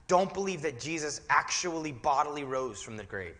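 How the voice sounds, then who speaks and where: A man's voice: fairly high pitch, animated, normal speed, few pauses, fairly bright tone. A male pastor preaching a sermon, shifting between easy conversational asides and fervent, emphatic exhortation. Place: church sanctuary. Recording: reverberant church hall.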